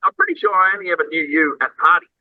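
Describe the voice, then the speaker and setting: A man hosting a podcast, talking quickly and asking questions. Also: on the high side, very animated, no echo, phone-quality sound. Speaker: podcast host. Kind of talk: casual chat.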